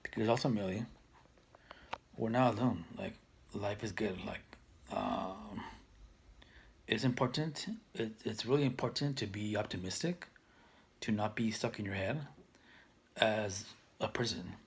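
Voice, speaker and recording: A man's voice: on the low side, unhurried, gravelly, long pauses, husky. A man in his thirties talking to camera for his own video channel, rambling with many restarts and fillers. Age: 30s. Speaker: vlogger. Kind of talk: casual talk to camera.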